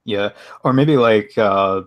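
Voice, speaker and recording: A man's voice: on the low side, takes it slowly. A man in a casual chat over a video call, talking hesitantly with many fillers. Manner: hesitant, lots of "uh" and "like", laughs along. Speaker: guest.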